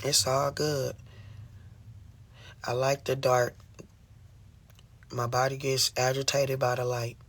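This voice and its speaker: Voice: mid-range voice, little pitch movement, slow pace, pauses often, a bit bright. A vlogger in a personal monologue, talking casually in street slang and preaching fervently about prayer and tears.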